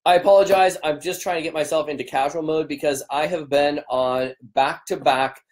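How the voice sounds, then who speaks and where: A man's voice: a little high, steady tone, normal speed. A business coach, a man, chatting casually on a livestream, greeting viewers by name in an upbeat, rambling way, his voice strained and cracking from a long day of talking.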